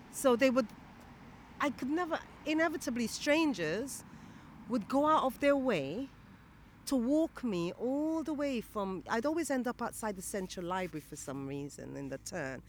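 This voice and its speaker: Animated woman telling stories. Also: a little high, normal speed, a little hiss or hum. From born in Britain, raised in Guyana. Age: 50s. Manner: animated, acts out quoted voices, many fillers and restarts. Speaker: interviewee. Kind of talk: casual storytelling interview.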